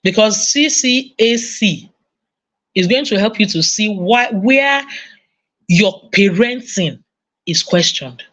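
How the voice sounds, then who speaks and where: At a conference, a woman with a Nigerian English accent delivers a sermon-style talk on parenting, speaking slowly at a medium pitch. She tells stories in an animated way and acts out different voices.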